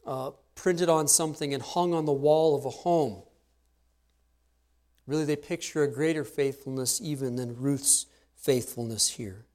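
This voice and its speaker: A man's voice: fairly high pitch, a little mellow. Conversational male preacher explaining a passage. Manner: conversational, explains step by step, quickens on asides. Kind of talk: expository sermon.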